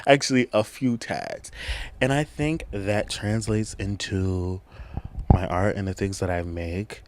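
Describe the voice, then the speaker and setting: A young man hosting his own podcast in a casual, chatty, slangy way, laughing often and swinging from hushed to loud. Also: low voice, a little slow, dry recording. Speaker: podcast host. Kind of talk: casual solo podcast chat. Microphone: camera on a tripod.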